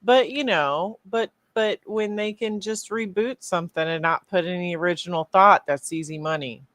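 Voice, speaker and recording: A man on a podcast, making dry, deadpan quips in casual chat. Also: high voice, normal speed, no echo.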